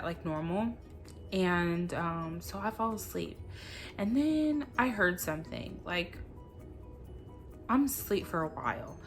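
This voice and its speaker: A woman telling a casual storytime vlog about her son. She rambles animatedly, and nearly every phrase is filled with "like.". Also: on the low side. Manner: rambling, heavy use of "like", animated retelling. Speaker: vlogger, mother.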